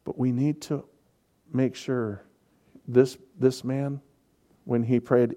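A man delivers a sermon at a slow, deliberate pace. His voice is mellow and warm at a middle pitch. He builds emphasis by repeating key words as he explains scripture. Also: steady tone. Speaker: pastor.

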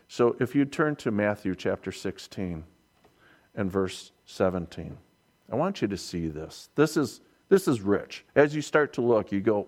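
Slow, emphatic male preacher. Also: fairly low pitch, big pitch swings, darkish tone. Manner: emphatic, repeats key lines for weight. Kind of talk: sermon.

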